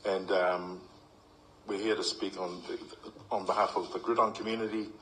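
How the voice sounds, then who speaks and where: A man's voice: low-pitched, level tone, normal speed, fairly bright tone, a little hiss or hum, low-quality recording. A middle-aged man giving a heartfelt, humorous eulogy full of stories. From New Zealand. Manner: heartfelt, humorous storytelling with acted quotes. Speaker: eulogy speaker. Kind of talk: funeral eulogy.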